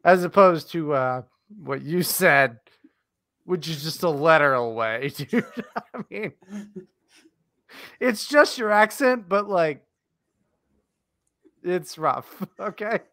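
Podcast co-host guy joking around and swearing, bright voice, dry close sound. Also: on the high side, animated, slow, pauses often, no echo. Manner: teasing, profane, jokey banter. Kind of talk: casual podcast chat.

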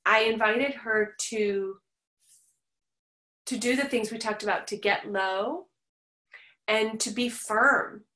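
A woman teaching a parenting class, talking in a gentle, reassuring and reflective way, often pausing to repeat herself. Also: on the high side, reverberant. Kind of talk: recorded online class Q and A.

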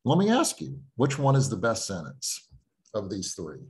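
A middle-aged writing instructor talks through his lesson in an easy, conversational way, pausing on fillers and circling back to restart his sentences. His pitch moves around a lot as he explains. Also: huge pitch swings. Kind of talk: online lecture.

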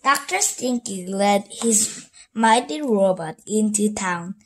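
A woman reading a children's book aloud, slowly and carefully, with small slips and restarts. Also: mid-range voice, expressive, slightly rough. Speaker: storybook reader.

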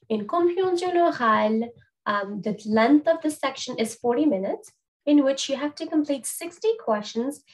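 Chatty woman French teacher, high voice. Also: poor audio. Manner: chatty, with frequent "um" and "so" restarts. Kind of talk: explaining an exam to learners.

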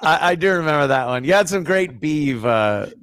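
A man's voice: a little high, animated, moderate pace, a bit bright. A middle-aged man, a former radio host, chatting as a guest on a podcast, wry and profane, often laughing. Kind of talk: casual podcast chat.

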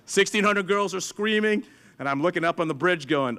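A middle-aged man gives an animated talk to an audience with a fairly high voice. He tells stories and acts out the lines of the people in them. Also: brisk, clean tone. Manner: storytelling, acts out dialogue with others. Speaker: museum chief engineer giving a talk.

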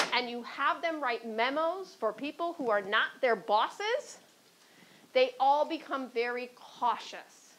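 A woman's voice: a little high, fairly bright tone, slight background noise, low-quality recording. A woman from Chicago with a Chicago accent, speaking on a panel as a former court clerk and telling stories, often checking in with "right?". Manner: anecdotal, often adds "right?".

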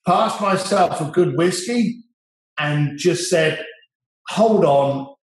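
A man talking casually as an interview guest, a blunt storyteller who swears freely. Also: a little high. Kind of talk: casual conversation. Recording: very echoey room sound.

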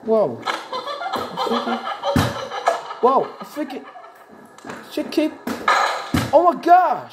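A woman playing a horror game, talking in excitable, exclamatory bursts and swearing at it. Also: fairly high pitch, slow pace, pauses often, over loud music, poor audio. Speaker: gamer. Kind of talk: let's play commentary. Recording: loud background noise.

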